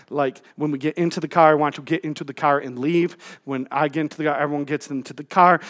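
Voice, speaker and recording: A pastor delivering a laid-back, funny sermon from the church stage, his voice sitting high for a man. He is middle-aged, talks into a stage mic, and keeps breaking into self-mocking asides. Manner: humorous, self-deprecating, animated asides. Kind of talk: conversational sermon. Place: church sanctuary.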